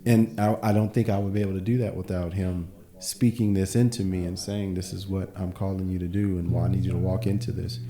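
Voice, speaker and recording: A man's voice: low-pitched, little pitch movement, a little fast, few pauses, dark tone, echoey room. A man co-hosting a casual podcast conversation, telling earnest stories and speaking about his faith. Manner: earnest storytelling with faith talk. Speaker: podcast co-host.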